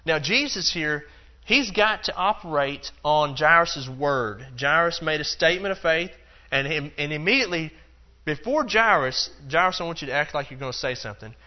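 A man's voice: fairly high pitch, animated, moderate pace, few pauses, lo-fi sound. A man teaching a Bible lesson in a loose, conversational way, acting out the quotes and dropping in plenty of fillers. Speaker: preacher.

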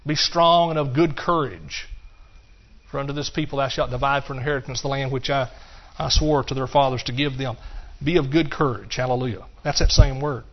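A man's voice: medium pitch, fairly even intonation, a little fast. A man preaching a sermon in a church, building up with cries of hallelujah. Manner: emphatic preaching, shouts of hallelujah. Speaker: pastor. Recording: muffled lo-fi sermon recording.

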